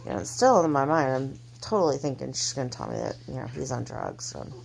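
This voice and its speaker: A woman tells a personal story in a low, gravelly voice. She talks haltingly, with pauses and restarts, in a casual tone. A faint noise sits behind her. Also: wildly swooping pitch. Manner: halting, hesitant, soft-spoken delivery. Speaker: mother telling her family's story.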